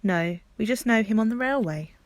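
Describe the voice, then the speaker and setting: A woman's voice: fairly high pitch, expressive, moderate pace, no echo, natural voice. A woman reading as an earnest storybook schoolboy.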